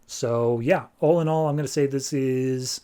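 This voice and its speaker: Guy on a comic podcast, chatty and animated, lots of likes and ums, middle pitch. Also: measured pace, clear, resonant tone. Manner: animated, chatty retelling with filler words. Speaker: podcast host. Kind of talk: casual comic book review.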